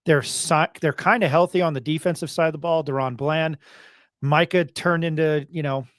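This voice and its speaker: A man's voice: fairly high pitch, fairly even intonation, normal speed, no room sound, studio quality. A man hosting a live sports talk show, chatty and jokey in an upbeat, casual way. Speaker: podcast host.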